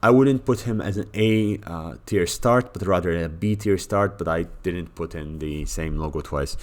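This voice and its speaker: A man's voice: low voice, normal speed. A man talking casually through a game tier list, blunt and joking, with many fillers and restarts. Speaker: gaming commentator.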